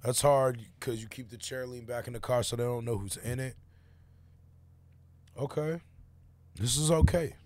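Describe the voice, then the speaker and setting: A man's voice: medium pitch, normal speed, long pauses, loud music behind the voice. A man giving casual, slang-heavy reaction commentary on a song he is playing, full of fillers like "like" and "you know.". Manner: laid-back slangy opinions, many fillers. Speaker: music reaction host.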